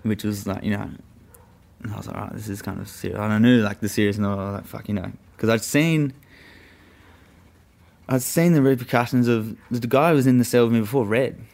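A young man tells a story in a loose, rambling way, swearing often and leaning on fillers. His voice sits a little low and has a gravelly, crackly edge. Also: steady tone, brisk, darkish tone. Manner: profane, rambling, full of fillers. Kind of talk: casual storytelling.

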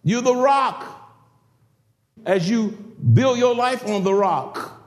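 An older man preaching a sermon in a church, swinging from shouted exhortation to hushed passages. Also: extremely high pitch, slow pace. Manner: preaching with rising shouts and sudden quiet passages. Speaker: pastor. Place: church sanctuary. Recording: roomy church echo.

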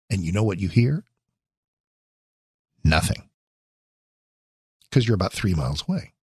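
A man's voice: lowish voice, gravelly, fairly bright tone, husky, dry recording, studio quality. A man in his sixties, a radio host, telling a rambling personal story with wry asides and self-corrections. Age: 60s. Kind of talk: talk radio monologue, personal reminiscence.

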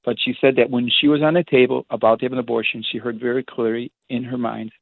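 A priest talks fast, piling up stories with restarts and animated asides. His voice comes through a thin, tinny phone line with no room sound at all. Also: mid-range voice, vocal fry, no echo. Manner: rambling, animated storytelling with restarts. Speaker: priest, guest. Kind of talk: casual storytelling on a phone-in show.

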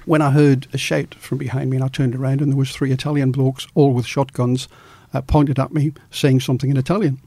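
A middle-aged male journalist from Australia telling a story in an interview, lively and acting out the quoted dialogue. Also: mid-range voice, a little fast, creaky, few pauses, no room sound.

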